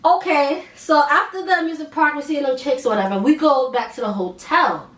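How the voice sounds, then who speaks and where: A young woman vlogger telling a casual storytime, slangy and animated, laughing as she goes. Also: high-pitched, fairly quick, echoey room, distant mic. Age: young adult.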